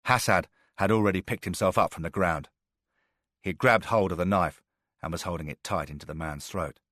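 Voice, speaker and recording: A man narrating a thriller audiobook with a steady, measured delivery. His voice sits very low, and the recording is dry and close with no room sound. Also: no room sound.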